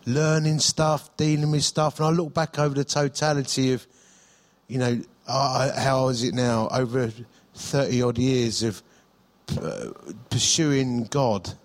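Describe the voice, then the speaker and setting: A man's voice: medium pitch, steady tone, measured pace. A middle-aged male pastor, preaching in a chatty storytelling way, with self-deprecating humour and frequent restarts. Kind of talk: sermon.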